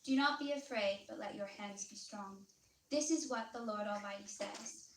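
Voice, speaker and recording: A woman with a Southern American accent reading a scripture passage aloud in a measured, formal way. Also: medium pitch, noisy background. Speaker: scripture reader. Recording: echoey church room from far off.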